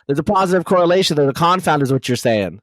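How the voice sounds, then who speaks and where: Fast-talking male podcast host. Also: fairly high pitch. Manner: rapid, animated, many fillers and restarts. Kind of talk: casual conversational interview.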